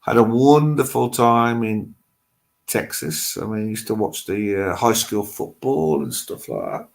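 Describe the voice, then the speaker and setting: Gravelly middle-aged Midlands man. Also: fairly low pitch, measured pace. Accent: English Midlands. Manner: rambling, chatty, thinks aloud with fillers. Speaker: live-stream host. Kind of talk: casual live-stream chat, answering viewer comments.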